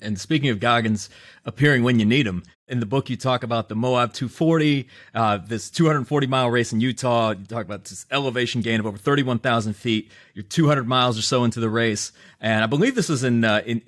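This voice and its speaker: A man hosting a podcast and asking a guest questions in a measured, lightly hesitant way. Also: mid-range voice, fairly bright tone. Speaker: podcast host. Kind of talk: interview questions.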